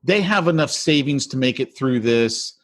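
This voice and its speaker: A man's voice: mid-range voice, animated, normal speed, a bit bright. A man co-hosting a podcast, talking in a heated, ranting way in casual chat. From California. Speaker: podcast co-host.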